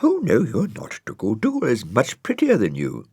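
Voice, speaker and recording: A man voicing a polite, prim young girl with a bright, slightly tart manner in a storybook reading. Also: medium pitch, huge pitch swings, moderate pace, slightly rough, dry recording, studio quality, voice pushed up, full character voice.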